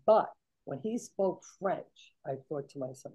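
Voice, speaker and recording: An older woman telling stories in a casual, animated chat, acting out the people she quotes. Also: deep voice, unhurried, slightly rough, poor audio. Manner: animated, chatty, acts out quoted voices. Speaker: guest.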